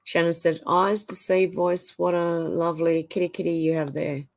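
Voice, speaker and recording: A woman's voice: on the low side, little pitch movement, moderate pace, gravelly. A woman hosting a livestream, reading out viewer comments and chatting back in a casual way. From Australia. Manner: chatty, reads viewer comments aloud and reacts. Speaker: livestream host. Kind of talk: reading out live chat comments.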